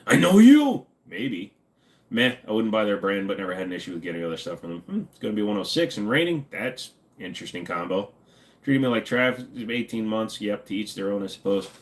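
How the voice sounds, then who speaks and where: A man's voice: on the low side, fast talker. Guy in his 40s on a stream, reading chat and cracking jokes, offhand. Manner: joking, offhand, answers chat questions. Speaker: livestream host. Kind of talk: casual livestream chat reading.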